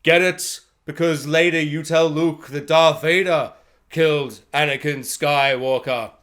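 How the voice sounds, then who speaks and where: A man voicing a grim armored villain, drawing out each word slowly. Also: fairly high pitch, steady tone, a bit bright, pitched below the performer's own voice. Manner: slow, drawn-out delivery.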